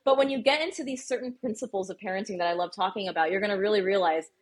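Woman doc on a parenting interview, kinda husky breathy voice, talks eager and chatty, lots of "right?". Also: mid-range voice, rapid-fire. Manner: animated, explanatory, uses many fillers like "you know" and "right?". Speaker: pediatrician and parenting coach guest. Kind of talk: interview conversation.

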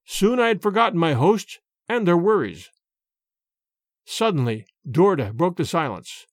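A man narrating a first-person story in a measured storytelling manner. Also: high voice, animated, no echo, clean studio sound. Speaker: audiobook narrator.

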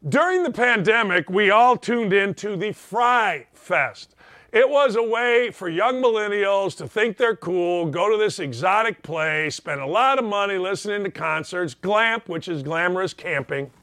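A man's voice: high-pitched, animated, measured pace, sharp tone, dry recording, clean studio sound. An older man hosting a sports talk show, ranting emphatically in an opinionated monologue.

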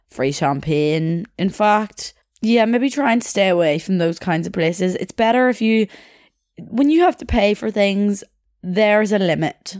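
A woman's voice: medium pitch, lively intonation, measured pace, darkish tone, dry recording, clean studio sound. A young woman chatting in a rambling way, telling a story and laughing as she goes. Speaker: podcast host. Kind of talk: casual storytelling.

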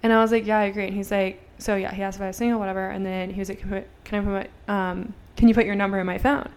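Rapid-fire and showing little pitch movement, this woman's mid-range voice is darkish, clear, and resonant. A young podcast co-host in her twenties, she tells a story in chatty, filler-heavy conversation, acting out dialogue with swearing.

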